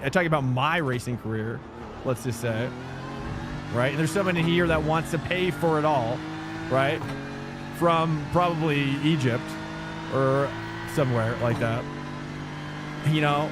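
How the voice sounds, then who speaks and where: A man's voice: a little high, measured pace, pauses often, noisy background. Rambling, chatty male sim racing streamer. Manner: rambling, chatty, talks to chat. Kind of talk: casual live-stream chat. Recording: streamed over music. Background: background music.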